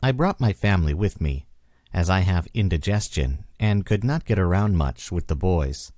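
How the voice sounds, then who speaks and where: A man reading a story aloud as guest reader, in a measured, expressive way. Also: sits low, no room sound, clean studio sound.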